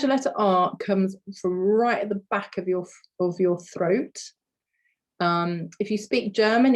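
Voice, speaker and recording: A woman's voice: on the low side, darkish tone. A woman teaching a phonics lesson, explaining patiently and modelling sounds for learners to repeat. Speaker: language teacher.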